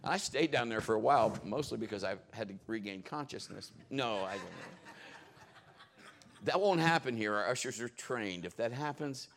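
A male pastor preaching a sermon at a church service, telling animated stories and laughing along the way. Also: lowish voice, brisk, creaky, few pauses, a little hiss or hum. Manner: animated storytelling, laughing, exclamatory.

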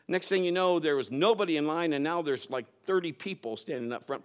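Male preacher, higher voice, storytelling sermon, punchy loud bursts dropping into soft asides. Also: lively intonation, normal speed. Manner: storytelling, swinging between loud emphatic bursts and quiet low asides.

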